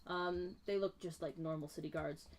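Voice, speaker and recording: A woman's voice: sits low, steady tone, normal speed. A woman game master describing a scene in a tabletop game, filling her narration with um and like. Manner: descriptive, many fillers like um and like.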